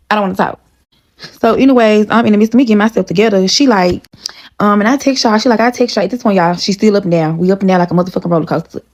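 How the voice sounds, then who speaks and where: Speaking directly to her audience, this thirtysomething storytime vlogger is blunt, heated and full of profanity. Her mid-range voice has a darkish tone, and the recording is dry.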